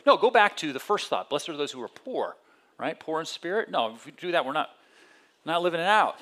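A man delivering a conversational sermon, often restarting phrases and swinging from loud, high emphasis to low, quiet tones. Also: very animated, a little fast. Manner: conversational preaching with many restarts and sudden rises in pitch and volume. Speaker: pastor.

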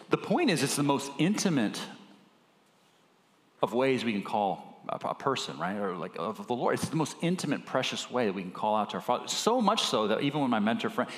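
A middle-aged man delivers a sermon in a relaxed, conversational manner, his pitch moving in lively swings. He restarts phrases and adds fillers as he goes. The voice carries through a roomy church hall with a long, ringing reverb. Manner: gets emotional speaking of his children. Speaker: pastor. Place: church sanctuary.

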